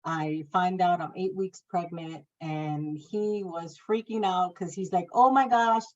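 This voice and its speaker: A woman in her thirties telling a personal story, acting out the people in it with raised, lively voices. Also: fairly low pitch, measured pace, dull audio. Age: 30s. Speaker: guest sharing her testimony.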